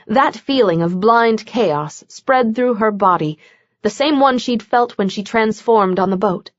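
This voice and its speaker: A woman narrates a novel in a steady, measured scripted reading. The recording is dry and a bit muffled, with no room echo. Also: mid-range voice. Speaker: audiobook narrator. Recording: dull, dry lo-fi audio.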